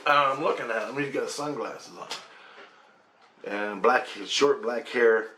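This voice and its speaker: A man from Canada telling a personal story in a casual, animated way, mimicking rotor sounds, swearing and laughing as he goes. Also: mid-range voice, unhurried, a little hiss or hum. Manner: animated, imitates rotor sounds and acts out quoted voices.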